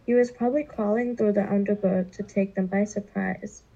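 A woman reading a children's novel aloud, slowly and deliberately, with occasional stumbles. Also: mid-range voice, steady tone, mellow, highs cut off. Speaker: reader.

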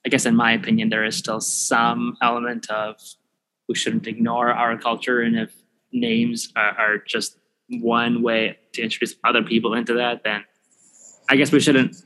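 On a low-quality recording through a podcast mic and headphones, a man hosts his show with easygoing casual chat, restarting and filling pauses with ums as he thinks aloud. His mid-range voice is flat and pushed-bright, at a moderate pace.

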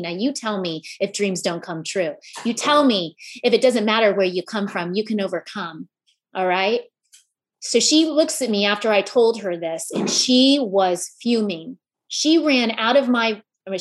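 Husky-voiced woman giving impassioned motivational talk. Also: on the high side. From Kansas, USA. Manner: impassioned, repetitive rallying phrases; personal storytelling with fillers. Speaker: motivational speaker. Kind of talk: motivational speech to a live audience.

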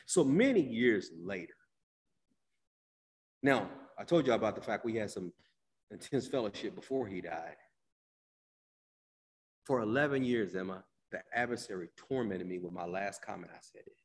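Male preacher mid-sermon; soft drawn-out lines that flare into loud emphatic bursts, names people in the pews, long hall reverb. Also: fairly low pitch, expressive. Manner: drawn-out, repeated phrases, addresses listeners by name.

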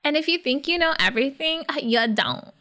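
High, bouncy, teasing woman. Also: expressive, fairly quick, pushed and bright. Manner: playful and teasing, drops in Spanish words. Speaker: podcast co-host. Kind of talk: casual chat.

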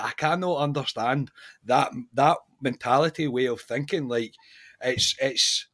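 A man with a Scottish accent hosting a football podcast, chatting casually in an animated, incredulous way with many restarts. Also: medium pitch, measured pace. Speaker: podcast host.

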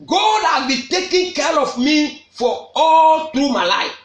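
High-pitched fiery preacher. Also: male voice, big pitch swings, slow pace. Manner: shouting, emphatic repetition. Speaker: apostle leading a prayer meeting. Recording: echoey room.

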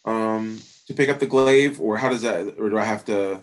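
A man's voice: fairly low pitch, normal speed. A man playing a tabletop game, hesitant and full of ums as he asks about the rules. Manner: hesitant, asks rule questions with many ums. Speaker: player.

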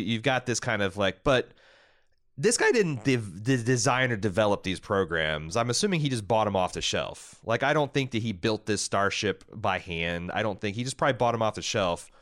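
A man's voice: fairly low pitch, sing-song, normal speed, fairly bright tone, dry recording, studio quality. A man co-hosting a casual podcast, talking in a rambling, jokey way and swearing casually. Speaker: podcast co-host.

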